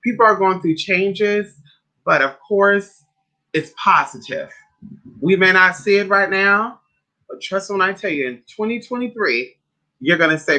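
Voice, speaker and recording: A man livestreaming as a spiritual advisor, chatting casually and sassily with viewers, calling them honey and girl. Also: measured pace. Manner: animated storyteller with big pitch swings.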